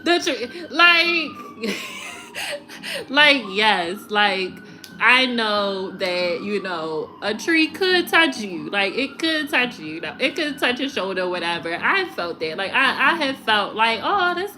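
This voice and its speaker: On a live stream, a woman tarot reader is chatty and animated, laughing, cussing and teasing, then winds down into a low, slow sign-off. Music sits faintly in the background.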